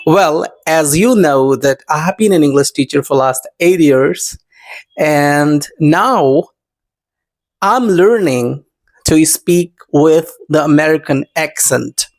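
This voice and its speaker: A man's voice: on the high side, slow pace. A man with an Indian accent, an English teacher talking casually to his viewers, full of fillers like "I mean" and "you know". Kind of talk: casual vlog lesson.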